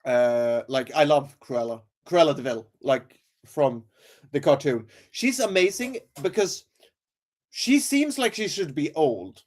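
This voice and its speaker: A woman's voice: sits low, expressive, slow, darkish tone. Gushing, foul-mouthed woman podcast host. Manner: gushing, profane, laughing. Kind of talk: casual chat.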